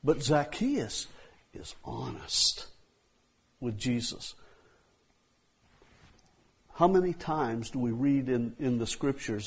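A man's voice: medium pitch, sing-song, takes it slowly, pauses often, husky. A man preaching a sermon in a conversational way, often repeating himself and saying "you know.".

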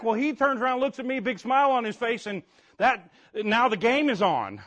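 A middle-aged man preaching, telling a story in an animated way with sudden shouts and frequent restarts. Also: extremely high pitch, normal speed. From Indiana. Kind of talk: sermon storytelling.

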